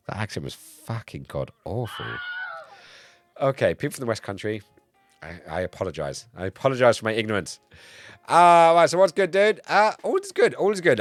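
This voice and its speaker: A man streaming live in casual chat, a bit tipsy, excitable and swearing, swinging between loud outbursts and low mumbles. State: tipsy from cider.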